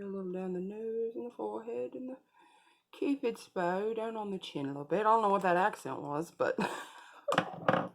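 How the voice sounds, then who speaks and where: A woman's voice: mid-range voice, normal speed, vocal fry. A woman beauty vlogger talking viewers through a makeup tutorial in a casual, chatty way, speaking straight to them.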